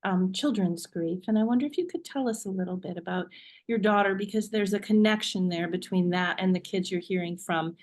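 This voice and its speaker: Woman host, gentle and searching interviewer, hesitant fillers, video call. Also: medium pitch, brisk. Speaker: webinar host. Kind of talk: interview questions.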